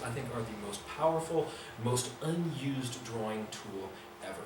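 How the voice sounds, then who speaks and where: A man teaching a nature drawing class in an enthusiastic, conversational way. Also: fairly high pitch. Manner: enthusiastic, conversational, acts out inner voices. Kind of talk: lively teaching talk. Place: club meeting room. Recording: echoey room, mic far off, faint hiss.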